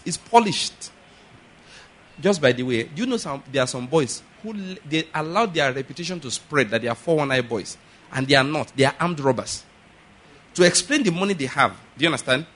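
A man preaching a sermon, telling stories with animated swings between loud exclaims and quieter asides. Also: on the high side. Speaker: pastor.

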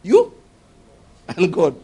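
High-voiced animated male preacher. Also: drawn-out words, husky. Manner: animated storytelling with acted laughter and voices; emphatic, addresses congregation directly. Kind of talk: sermon.

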